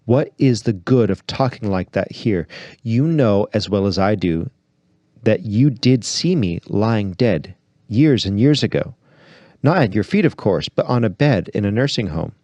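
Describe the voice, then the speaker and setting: A man reading aloud and voicing a joyful heavenly lady who speaks slowly and tenderly. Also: on the low side, animated, warm tone, dry recording, muffled recording. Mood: serene joy. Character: radiant joyful heavenly lady, gentle and serene.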